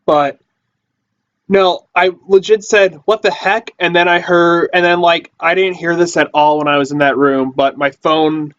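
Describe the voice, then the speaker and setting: A man's voice: a little high, steady tone, unhurried, a bit bright, smooth. A man hosting a casual livestream from a basement, rambling and repeating himself with lots of fillers, recorded on a phone or computer mic. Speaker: livestream host. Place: house basement. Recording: dull lo-fi phone audio.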